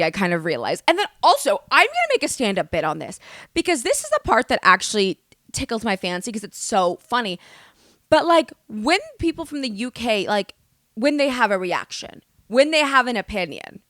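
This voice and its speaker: A young woman rattling off comic rants on her solo podcast, animated and self-mocking, with plenty of swearing. Her voice is bright and edgy and sits a little high, and the sound is dry and close. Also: moderate pace, dry recording. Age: young adult. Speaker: podcast host. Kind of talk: comedic solo podcast monologue.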